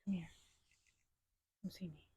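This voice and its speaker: Speaking a little slowly, a horse trainer working outdoors describes the session while calming the horse with soft, repeated words of reassurance. The recording has no echo.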